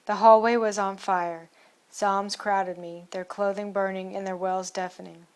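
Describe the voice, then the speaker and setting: A woman narrates an adventure novel in the first person, keeping her reading steady and measured. Her pitch sits mid-range and barely moves, giving the telling an even, level sound. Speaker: audiobook narrator.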